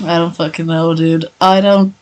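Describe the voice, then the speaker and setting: A woman's voice: on the low side, little pitch movement, moderate pace, poor audio. A woman streamer chatting casually and profanely after a long reading, tired and with a sore voice. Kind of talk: casual chat.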